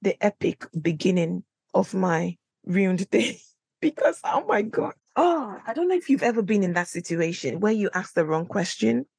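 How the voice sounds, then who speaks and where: A woman's voice: on the low side, normal speed, gravelly, few pauses, slightly rough, dry recording. Chatty woman telling a personal story. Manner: chatty storytelling, animated when quoting herself. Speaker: podcast host. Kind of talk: solo podcast monologue. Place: small room, recording alone.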